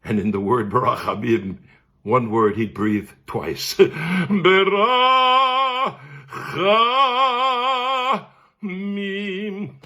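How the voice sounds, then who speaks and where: A man, a cantor telling a humorous personal story with animated delivery and frequent laughs. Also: on the low side, unhurried, husky. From Brooklyn, New York. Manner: animated, laughs often, acts out voices.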